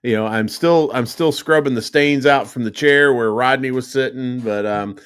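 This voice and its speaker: A man's voice: medium pitch, moderate pace, clear, resonant tone. A middle-aged man hosting a podcast, telling stories in casual, profane chat with frequent laughs. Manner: profane, animated storytelling with laughs. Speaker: podcast host.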